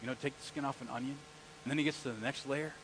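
A man's voice: mid-range voice, fairly even intonation, fast talker, noisy background. A male pastor preaching a conversational sermon in a church and asking the congregation questions as he goes.

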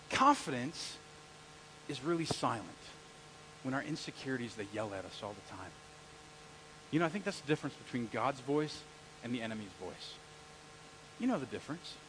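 A man's voice: a little high, a bit bright, a little hiss or hum, low-quality recording. A male pastor preaching a conversational sermon in a church and asking the congregation questions as he goes.

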